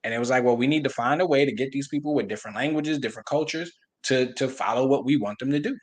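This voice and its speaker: A man speaking on a casual podcast panel, with a pitch right in the middle for a man. He talks loosely and animatedly, and he slips into mocking voices when he quotes officials. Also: fast.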